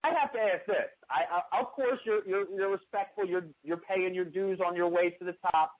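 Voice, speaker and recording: A male radio host interviewing a guest in a chatty, halting way, with many restarts. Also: high voice, no echo. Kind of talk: casual interview. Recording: dry, dull lo-fi radio sound.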